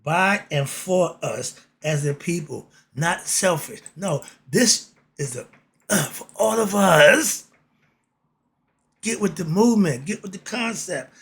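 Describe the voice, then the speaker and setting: A man's voice: on the high side, expressive, unhurried, hardly any pauses, slightly rough. A man hosting a casual political monologue, blunt and streetwise, asking himself "why?" and answering. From United States. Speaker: commentary channel host.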